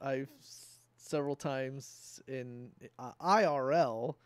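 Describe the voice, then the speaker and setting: A man's voice: mid-range voice, takes it slowly, smooth, no room sound, clean studio sound. A man co-hosting a game stream, chatting casually and often trailing off mid-thought. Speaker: stream co-host.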